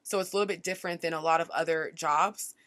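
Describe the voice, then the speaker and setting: A woman's voice: low voice, steady tone, quick pace, a bit bright, dry recording. A young woman hosting a casual solo podcast, talking chattily and reflectively with lots of "like" and "you know". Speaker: podcast host.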